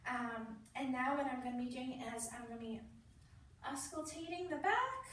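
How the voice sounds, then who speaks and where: A woman's voice: high voice, brisk, a bit bright. A young woman student nurse demonstrating a child's head-to-toe check, narrating each step and coaxing the patient in a playful sing-song voice. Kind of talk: demonstrating a clinical assessment. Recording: very echoey room, voice from a distance.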